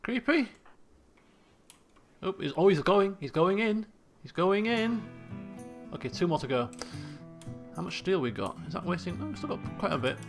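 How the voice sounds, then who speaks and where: A man's voice: sits high, expressive, normal speed, pauses often, soft background music. A man streaming a colony sim game live, chatty and thinking aloud while talking to his chat. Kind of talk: casual live game commentary.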